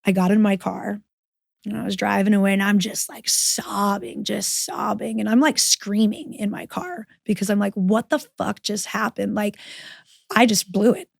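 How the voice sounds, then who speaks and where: A woman guest on a podcast, telling a personal story frankly, with plenty of swearing and animated quoting of her own thoughts. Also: mid-range voice, normal speed, gravelly, dry recording, studio quality. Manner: frank and profane, animated retelling with quoted inner voice. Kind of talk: candid conversational storytelling.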